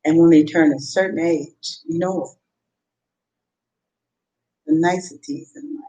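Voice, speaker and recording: A woman's voice: deep voice, fairly even intonation, measured pace, warm tone, poor audio. Woman, casual livestream host, rambles, laughs easy, talks straight to viewers. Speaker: vlogger.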